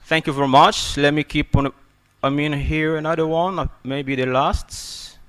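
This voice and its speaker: A man teaches English on the radio in an emphatic, preaching way. His voice is bright and forceful and sits a little high for a man. He ends almost every sentence with "okay?" and pushes his points by getting louder. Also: steady tone, moderate pace, clean tone. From Democratic Republic of Congo.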